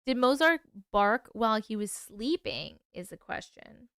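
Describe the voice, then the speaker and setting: A woman with a fairly high, bright, clear and resonant voice speaks at a measured yet animated pace while hosting a late-night livestream. She chats sleepily with viewers, swearing and yawning as she reacts to their stories. The studio sound is clean with no room echo.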